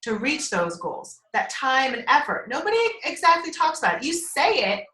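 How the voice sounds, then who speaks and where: A very animated woman with a high-pitched, sharp voice speaks at normal speed during a casual group call with her team. She rambles, laughs often, and swears without much thought, her audio carried over a conference line in an echoey space.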